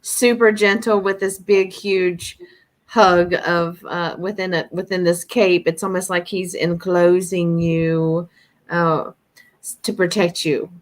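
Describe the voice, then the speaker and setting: Slow, soft-spoken woman on a call. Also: on the low side, little pitch movement. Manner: soft, slow, searching for words. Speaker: channeling participant. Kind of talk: spiritual group call. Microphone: video call.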